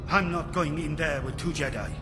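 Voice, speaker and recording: A man's voice: a little high, moderate pace, music in the background, close to an everyday voice. An actor playing a cowardly, scheming male alien viceroy who talks nervously in clipped phrases, in a film clip. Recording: film audio with score.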